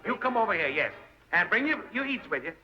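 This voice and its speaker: A man's voice: sits high, sing-song, highs cut off, a crowd in the background. An actor playing a fussy, flustered male party host who keeps ordering guests about in an old comedy film. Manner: hurried, fussing, repeating orders. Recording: old film soundtrack with music. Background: music.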